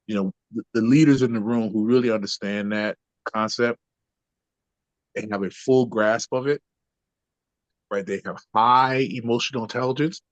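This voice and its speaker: This trainer, a podcast guest, has a mid-range male voice with fairly even intonation, a normal speed and frequent pauses. He explains things conversationally and keeps asking "right?" to make sure the listener is following. The sound is dull, dry lo-fi.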